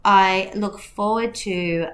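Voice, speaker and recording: Woman tarot reader, reassuring and meandering, a bit hoarse, recorded in an echoey room. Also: medium pitch, fairly even intonation, slow pace. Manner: gentle, reassuring, rambling. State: losing her voice. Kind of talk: tarot reading to camera.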